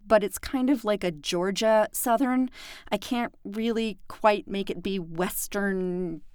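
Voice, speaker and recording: Smooth-voiced woman, candid and self-deprecating. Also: mid-range voice, no room sound, clean studio sound. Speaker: audiobook narrator. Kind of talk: casual podcast chat.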